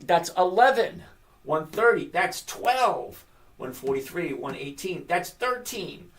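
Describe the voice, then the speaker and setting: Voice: mid-range voice, animated, slow. A trading host giving blunt, opinionated commentary while going through stock charts on screen, sarcastic and mocking, laughing at figures they dislike. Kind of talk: screen-share market commentary.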